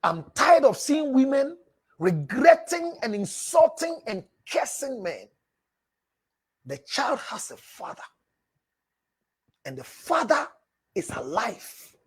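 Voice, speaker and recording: A man's voice: very high-pitched, very animated, slow pace, long pauses, breathy edge. A man working as a relationship counselor on a live show. He reads viewer messages aloud and answers them in an emphatic, preachy way, repeating phrases for stress and calling listeners "my dear.".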